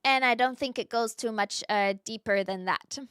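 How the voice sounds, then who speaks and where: A woman's voice: on the high side, normal speed, a bit bright, clear, resonant tone, no echo, clean studio sound. A woman hosting a livestream, chatting casually with viewers in a rambling way, full of fillers and little laughs. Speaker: livestream host.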